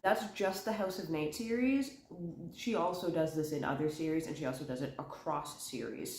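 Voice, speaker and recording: A low-pitched woman talks to the camera in a casual video essay, quick and chatty, rattling through lists with the odd "um". She is sick and has a cough drop in her mouth. The room around her rings with echo. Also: creaky, darkish tone. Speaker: book commentary vlogger. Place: indoor room at home. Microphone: camera in front of her. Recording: echoey room.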